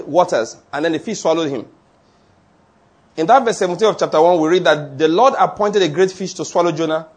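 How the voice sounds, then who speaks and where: A man preaching a sermon, chatting with his congregation, putting questions to them and reading scripture slowly and deliberately. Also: a little high, darkish tone, breathy edge. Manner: conversational, asks the congregation questions.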